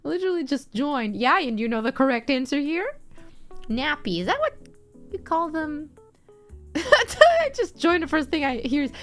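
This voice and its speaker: Playful high-voiced young woman streamer. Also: big pitch swings, a little slow, fairly bright tone. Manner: playful, teasing, laughs often. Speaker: streamer reading chat. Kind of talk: casual chat stream. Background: faint background music.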